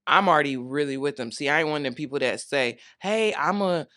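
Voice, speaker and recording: This is a woman in her thirties hosting a casual solo talk show, her bass voice fast, a bit bright, and fairly even in intonation. She chats candidly and playfully with her viewers, using call-and-response.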